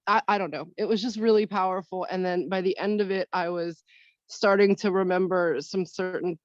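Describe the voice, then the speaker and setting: Low, halting woman on a dull call line. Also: steady tone, dry recording. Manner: candid, halting, searching for words. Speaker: session participant. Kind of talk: personal sharing on a video call. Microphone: video call. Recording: dull, dry video-call audio.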